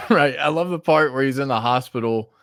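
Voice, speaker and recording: A male podcast host in easygoing chat, laughing often and cursing freely. His voice sits in an ordinary middle pitch and comes across smooth and clear. The recording is close and dry, with almost no room sound. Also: moderate pace, a bit bright, no room sound. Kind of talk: casual chat.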